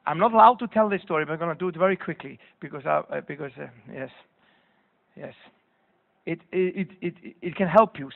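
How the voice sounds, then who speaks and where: A man giving a motivational keynote talk at a conference, animated and repeating key phrases for emphasis. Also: high-pitched, long reverb tail. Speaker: keynote speaker. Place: conference hall. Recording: tinny lo-fi audience recording.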